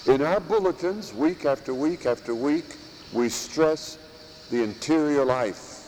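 A priest preaching a sermon in slow, emphatic phrases, with long pauses and pointed rhetorical questions. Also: male voice, a little high, darkish tone, long reverb tail, slight background noise, rough recording. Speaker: priest teaching at a monastery. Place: church or monastery chapel.

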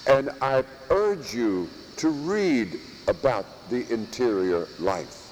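A priest preaching a sermon in slow, emphatic phrases, with long pauses and pointed rhetorical questions. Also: male voice, medium pitch, very animated, a little mellow, long reverb tail, slight background noise, low-quality recording. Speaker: priest teaching at a monastery. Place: church or monastery chapel.

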